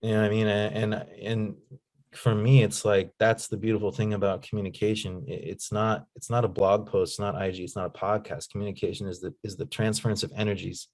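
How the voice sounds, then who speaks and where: A man telling stories in a casual interview as a guest, animated and slangy. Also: on the low side, brisk. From United States. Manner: animated storyteller, slangy, says "man" and "you know". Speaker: guest, nonprofit founder.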